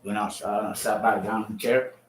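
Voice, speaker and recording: A man's voice: lowish voice, steady tone, brisk. A man in his fifties, a former prisoner telling his own story casually, swearing and acting out the scenes with sound effects. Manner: profane, repetitive, acts out the scenes with sound effects.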